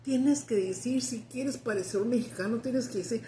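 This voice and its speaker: A woman's voice: a little high, a little fast, warm tone, reverberant, slight background noise, lightly acted. A woman playing an older man who gives blunt, matter-of-fact advice. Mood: instructing. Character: older man, worldly guide, blunt and teasing.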